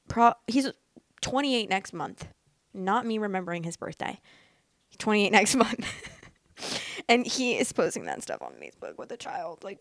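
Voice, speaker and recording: A young woman in her late twenties, talking fast and loose as a podcast host. She is candid and excitable, swears without a second thought, and reads posts aloud between her own reactions. Her voice sits at a middle pitch and sounds dry and close, with no room around it. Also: gravelly, no echo. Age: late 20s. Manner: candid, excitable, swears freely, laughs often. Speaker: podcast host reading Reddit stories. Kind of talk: casual chat and reading posts aloud.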